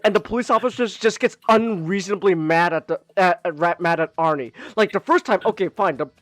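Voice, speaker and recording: A man's voice: high-pitched, a little fast, a bit bright, no echo. A man hosting a podcast in a casual, rambling chat, full of fillers and frequent laughs. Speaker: podcast host, virtual streamer.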